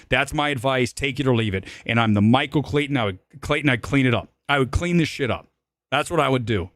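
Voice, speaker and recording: A man hosting a live-stream movie show, ranting animatedly with swearing and sudden loud, high-pitched outbursts. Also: expressive, fast, dry recording, clean studio sound. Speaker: film critic and show host.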